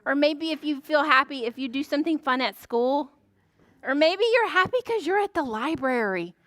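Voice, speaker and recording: A woman librarian leading a preschool story time, animated and sing-song, gasping in surprise as she talks to small children. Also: high voice, normal speed, dry recording.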